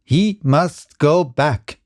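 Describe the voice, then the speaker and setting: A man's voice: on the high side, very slow, a little mellow, dry recording, clean studio sound, voice pushed up. A man voicing a harsh, easily angered man who speaks sharply and gets agitated. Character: harsh, flustered middle-aged man, quick to anger.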